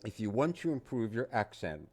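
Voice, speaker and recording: A middle-aged man from the United States, an English teacher talking through a casual lesson in a relaxed, chatty way with asides. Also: lowish voice, moderate pace, a little hiss or hum.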